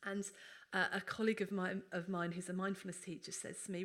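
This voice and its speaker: Lady doctor running a webinar, chatty explainy tone, mid-pitched voice. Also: little pitch movement, brisk, fairly bright tone. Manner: explanatory and conversational. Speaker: doctor and workshop presenter. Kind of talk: webinar presentation.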